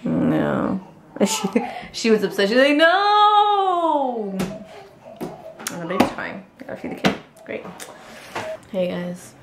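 A woman chatting to her camera in a casual daily vlog, talkative and expressive, tossing in Spanish words, first at home and then on a city street. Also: mid-range voice, unhurried, long pauses, heavy background noise. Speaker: family vlogger. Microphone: handheld vlog camera.

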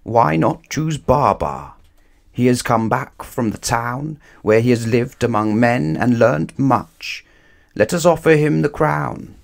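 A man's voice: medium pitch, animated, slow, creaky, pitched above the performer's own voice. A man voicing a very old, wise male elephant with a quavering voice in a read-aloud storybook. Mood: solemn.

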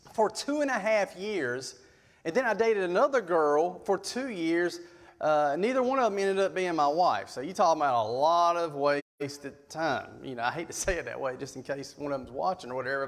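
High-voiced preacher in reverberant church. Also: male voice, moderate pace. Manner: folksy, animated storyteller. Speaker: youth pastor. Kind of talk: sermon storytelling. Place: church sanctuary.

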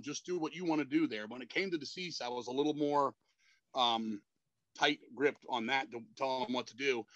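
Guesting on a casual interview, a fifty-something metal frontman spins rambling, foul-mouthed stories and keeps closing lines with "man." His mid-range voice sounds pushed and bright, with no room sound and the highs cut off.

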